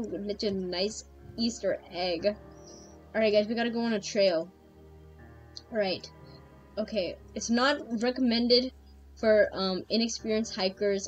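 A young woman streaming a game, chatting to her viewers in a loose, excitable way, laughing often. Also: medium pitch. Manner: excitable, laughing, addresses chat. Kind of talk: casual game commentary.

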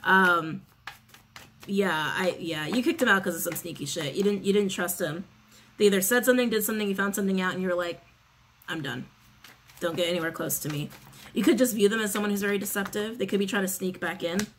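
A woman of middle pitch talks her way through a tarot reading in a loose, chatty flow. She is sassy and swears without a pause, circling back to say the same words again and again. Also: fairly bright tone, a little hiss or hum. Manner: chatty, sassy, swears freely, repeats phrases. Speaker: tarot reader. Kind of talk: casual spoken tarot reading.

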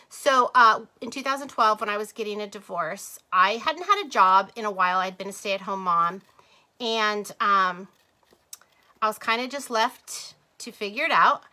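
A woman's voice: a little high, sharp tone. A middle-aged woman chatting casually with livestream viewers while she crafts, rambling, laughing and drifting off topic. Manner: talks to viewers as "you guys" and "y'all".

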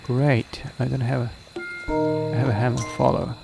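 A man's voice: medium pitch, little pitch movement, normal speed, gravelly, loud music behind the voice. A man casually commenting on a strategy game as he plays, thinking aloud with many ums and reading out the game's prompts. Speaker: gaming video creator. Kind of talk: casual let's-play commentary.

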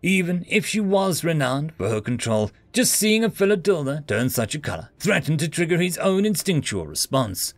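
A man narrating a science-fiction story in an expressive reading style. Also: a little high, normal speed, hardly any pauses, no room sound, faint music behind.

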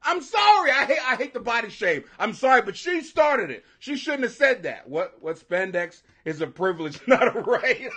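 Loud, high-voiced, profane man in his forties. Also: normal speed, hardly any pauses, husky. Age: 40s. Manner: profane, loud, laughing, animated. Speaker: livestream host. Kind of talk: casual ranting commentary.

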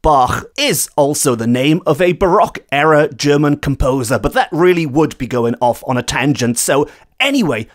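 A man's voice: on the high side, expressive, normal speed, no room sound, studio quality. A man from Wales hosting a storytelling podcast, telling a folk tale in a chatty, digressive and emphatic way.

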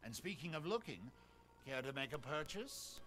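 An actor playing a portly, courteous merchant in a video game, speaking smoothly and slyly. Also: male voice, on the high side, very animated, moderate pace, a bit bright, slight background noise. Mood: genteel salesman. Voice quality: smooth, polite and sly. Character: portly courteous male merchant, sly and genteel.

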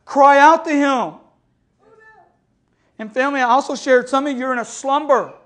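A pastor delivering an impassioned sermon in a church, moving between loud exhortation and hushed storytelling and often asking his listeners for an amen. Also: very high voice, moderate pace. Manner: calls listeners "family" and keeps asking "amen?". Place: church sanctuary.

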